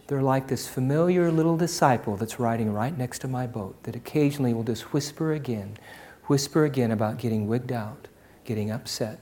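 A man preaching a sermon, swinging from loud impassioned declarations to hushed, almost whispered appeals. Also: medium pitch, brisk, slight background noise. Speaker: pastor.

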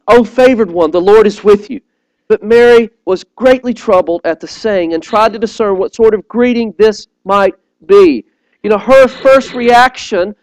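A man's voice: very high-pitched, no echo, rough recording. A man, recorded close and dry. He tells stories with animation, doubles back over his words, and keeps asking his congregation if they are with him. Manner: animated storyteller, repeats words and phrases; earnest, appeals directly to listeners. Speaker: preacher. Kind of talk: sermon.

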